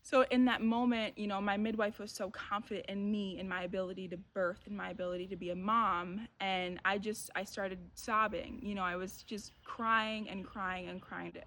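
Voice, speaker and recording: A young woman, a mother, earnestly talking through her own birth story in a casual, reflective way, often pausing on "you know.". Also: medium pitch. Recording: steady background noise.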